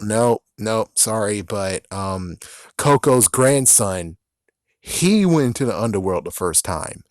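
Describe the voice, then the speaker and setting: A man's voice: lowish voice, expressive, slow, no echo, clean studio sound. A man who vlogs, complaining in a casual, rambling commentary and often cutting himself off in exasperation. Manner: exasperated, rambling, self-interrupting. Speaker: vlogger.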